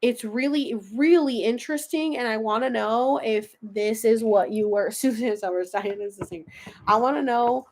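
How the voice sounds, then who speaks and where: A woman's voice: on the high side, moderate pace, a little mellow. A woman hosting a casual livestream, chatting with viewers, swearing and laughing as she pulls oracle cards and reads them aloud. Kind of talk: casual livestream chat with card readings.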